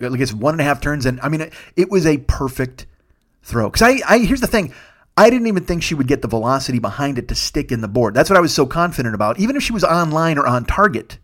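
A middle-aged man telling a long comic story as a podcast host, animated and profane, laughing and loudly acting out the voices in it. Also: medium pitch. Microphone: studio microphone.

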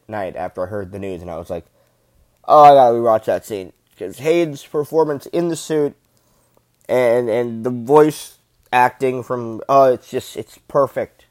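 A man's voice: medium pitch, dry recording. A man rambling in casual, enthusiastic fan commentary, gushing and swearing freely.

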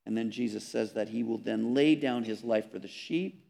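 A man preaching a sermon, earnest and emphatic, repeating words and dropping softly on key phrases. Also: lowish voice, normal speed, vocal fry. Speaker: pastor.

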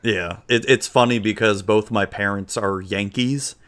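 A man from Florida co-hosting a casual podcast, relaxed and joking as he rambles. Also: on the low side, measured pace. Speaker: podcast co-host. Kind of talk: casual chat.

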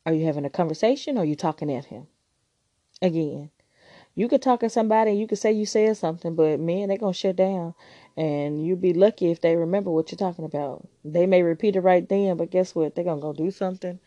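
Woman, podcast host, frank teasing advice, mellow low voice, dry close sound. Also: fast, no echo, lo-fi sound. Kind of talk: casual advice monologue.

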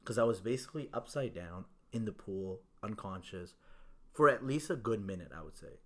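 A man's voice: fairly low pitch, lively intonation, moderate pace, a bit bright. A young man telling a story in casual chat, laid-back and swearing freely, with lots of "like" and "bro".

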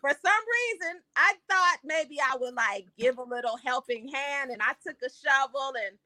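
A woman with a high, bright voice trading casual banter with a co-host. She is expressive and playfully profane and laughs freely as she tells her stories, and her sharp tone cuts through. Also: moderate pace.

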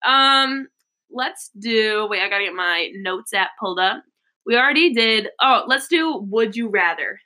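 A woman's voice: a little high, animated, unhurried, bright, forceful tone. A teenage girl co-hosting a podcast, telling stories in a giggly, teasing way. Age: teens. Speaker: podcast co-host. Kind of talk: casual chat.

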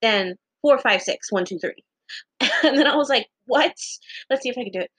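A young woman casually telling a story to her viewers, chatty and laughing often, acting out what people said with big jumps in pitch and casual swearing. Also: expressive, normal speed, fairly bright tone, husky, no echo, low-quality recording.

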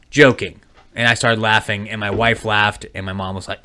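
A young adult man co-hosting a podcast, telling crude stories loudly and breaking into yelled impressions. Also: fairly low pitch, measured pace, vocal fry. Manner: loud, animated storytelling with yelled impressions. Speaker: podcast co-host. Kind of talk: casual crude chat.

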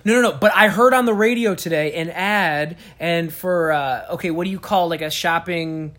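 Young woman with a low voice, rambling casual co-host who searches for words. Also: moderate pace, fairly bright tone. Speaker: podcast co-host. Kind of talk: casual chat.

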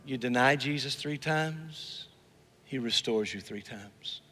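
Speaking slowly in a medium-pitched, sharp-toned voice, a male pastor recounts a story in his sermon, often repeating words for emphasis and acting out the characters he quotes. The live and online congregation hears him in a big church hall with long reverb and faint music.

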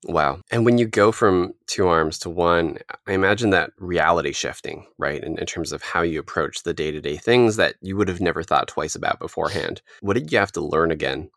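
A man's voice: deep voice, fairly quick, few pauses, fairly bright tone, no echo, clean studio sound. A man hosting an interview, asking thoughtful, searching questions. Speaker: interview host.

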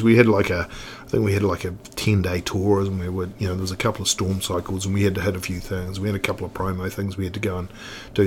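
A man, talking in a loose, rambling way, circling back and restarting his sentences. His voice sits a little low. A faint hum of background noise runs under the recording. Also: fairly bright tone. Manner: rambling, many restarts and swearing. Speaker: guest. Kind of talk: casual storytelling chat.

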